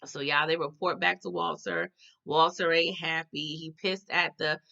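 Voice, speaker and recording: A woman recapping a TV episode in an animated, slangy way, talking straight to her viewers. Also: deep voice, normal speed, creaky, lo-fi sound. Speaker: TV recap host.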